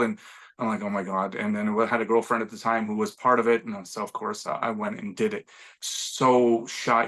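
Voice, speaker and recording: A man's voice: mid-range voice, sharp tone. A middle-aged man from Montreal, an actor chatting as an interview guest, self-deprecating and full of restarts. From Montreal, Canada. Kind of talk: casual interview conversation.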